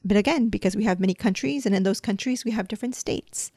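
Woman podcast host, dental hygienist, casual coaching lesson, middle pitch, dry close sound. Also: quick pace, mellow, no echo. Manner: chatty and explanatory, coaching the listener.

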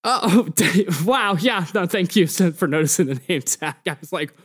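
Laid-back young slacker , a man putting him on; drawling, raised pitch. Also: expressive, moderate pace, a bit bright. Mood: mellow. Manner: drawling, spaced-out dude talk. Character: laid-back young male surfer-type clubhouse worker. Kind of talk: tabletop game character voice.

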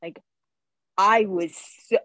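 A woman's voice: mid-range voice, dry recording. Woman telling a story on a dry mic. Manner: storytelling, animated, quick restarts. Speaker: podcast co-host and author. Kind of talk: casual podcast chat.

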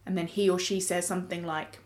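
Reflective woman explaining calmly. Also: on the low side, quick pace. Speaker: discussion group member. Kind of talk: casual group discussion.

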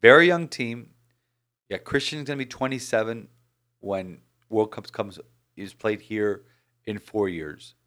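A man hosting a casual sports podcast, animated and rambling with frequent restarts. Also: fairly low pitch, measured pace. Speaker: podcast host.

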